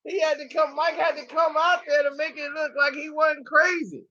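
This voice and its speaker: Laughing man vlogger, bright, animated delivery, muffled lo-fi recording. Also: very high voice, moderate pace. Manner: animated, laughs often, acts out the people he talks about. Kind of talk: comedic reaction commentary. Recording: dull lo-fi recording.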